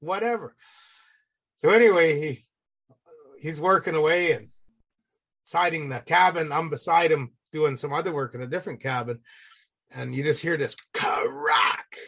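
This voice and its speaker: A gravelly, raspy man in middle age tells a story in a loose, salty way. He keeps acting out the people in it. His voice sits a bit high for a man. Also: normal speed. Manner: animated, salty, acts out voices. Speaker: guest. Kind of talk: casual storytelling.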